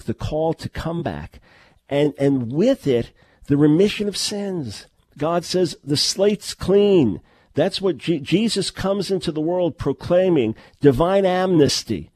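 A man's voice: on the high side, darkish tone. A middle-aged man preaching a sermon, emphatic and full of rhetorical questions, often restarting his words. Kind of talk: sermon-style teaching.

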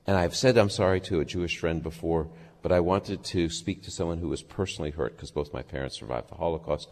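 A man's voice: low-pitched, fast, hardly any pauses, in a large hall. A man who is a guest on a radio talk show, telling a reflective personal story in conversation.

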